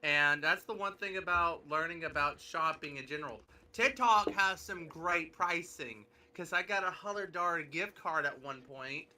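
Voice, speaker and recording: Bright-voiced man rambling on stream. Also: fairly high pitch, normal speed, hardly any pauses. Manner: rambling, full of restarts and filler words. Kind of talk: casual chat.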